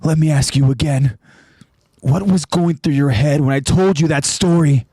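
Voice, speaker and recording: A man's voice: on the low side, takes it slowly, breathy edge, no room sound, full character voice. A man voicing a furious, bitter young male soldier who accuses and screams at former comrades. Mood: accusing. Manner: shouting, accusing, rising to a scream.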